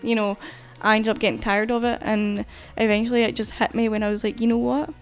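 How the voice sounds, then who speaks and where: A woman's voice: medium pitch, flat delivery, fairly quick, faint music behind. A woman artist chatting casually while streaming, rambling and swearing freely. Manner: chatty, loose, swears casually, frequent fillers. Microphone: desk mic while streaming.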